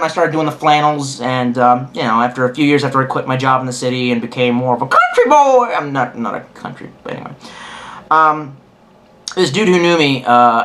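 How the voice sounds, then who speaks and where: Crude, animated young man rambling. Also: a little high. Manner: crude, sarcastic, profane, rambling. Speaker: vlogger. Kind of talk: casual rambling monologue.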